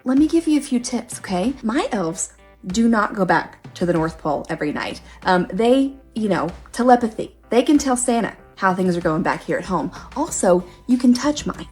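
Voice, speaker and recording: Husky woman giving deadpan parenting tips. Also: medium pitch, normal speed, soft background music. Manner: breezy, conspiratorial, gets animated. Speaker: comedic content creator. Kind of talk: deadpan parenting-tip comedy sketch.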